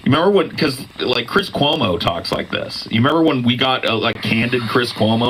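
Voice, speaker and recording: A man joins an informal chat with sardonic, swearing remarks. His voice is bright and lively, swinging widely in pitch, over a faint hiss. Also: fairly quick, hardly any pauses, poor audio. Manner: sardonic, profane asides. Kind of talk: casual chat.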